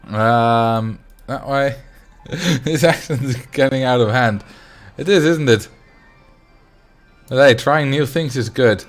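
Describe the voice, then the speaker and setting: A young man talks his way through a building game on a livestream, with an easy, chatty manner. His voice sits at an ordinary middle pitch, and he laughs often and mutters half-sentences as he works. Faint game music plays behind him. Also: takes it slowly. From Netherlands. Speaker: game streamer. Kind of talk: casual livestream commentary.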